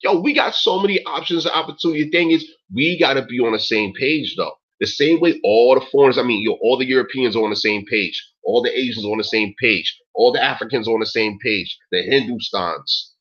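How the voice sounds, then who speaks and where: Hosting a talk stream, a man in his forties rants briskly with few pauses, his medium-pitched voice fairly bright and husky. He curses emphatically and peppers in "yo" and "man"; the recording is dull and lo-fi.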